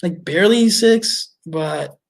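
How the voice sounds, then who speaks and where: A man with a slightly higher voice than most reviews a movie in a loose, off-the-cuff way. He is blunt and exasperated and swears freely as he picks the film apart. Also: slow, vocal fry. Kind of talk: casual ranting film review.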